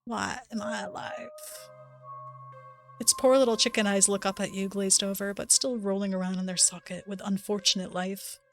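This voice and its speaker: A woman's voice: medium pitch, little pitch movement, moderate pace, soft background music. A woman streamer playing a story game, reading its text aloud with playful asides. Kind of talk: let's-play narration reading a visual novel aloud.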